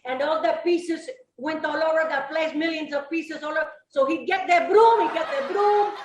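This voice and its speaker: A woman's voice: very high voice, fairly bright tone, echoey room, a little hiss or hum, low-quality recording. A woman playing a brassy, flirty Mrs. Claus with a voice, laughing through her lines at a live comedy roast. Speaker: roast guest.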